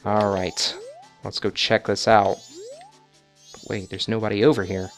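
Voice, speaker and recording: A man playing a video game and commenting casually, joking sarcastically with loud bursts of mock outrage. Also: on the low side, level tone, measured pace, pauses often, faint music behind. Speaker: video game let's player.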